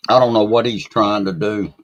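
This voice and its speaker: A man from Mississippi talking in a casual group chat, plain-spoken and steady. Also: on the low side, moderate pace. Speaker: chat participant. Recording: dull lo-fi call audio.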